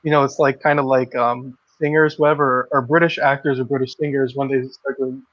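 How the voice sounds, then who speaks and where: A man's voice: medium pitch, little pitch movement, fairly quick, fairly bright tone, lo-fi sound. A man hosting a casual livestream discussion, speaking bluntly and with strong opinions as he reads out comments from the chat. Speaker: livestream host.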